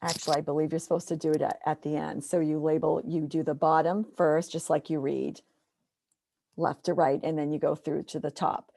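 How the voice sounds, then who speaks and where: A woman's voice: sits low, level tone, brisk, gravelly, mellow, no echo. A woman teacher walking through a screen-share tutorial step by step, explaining patiently.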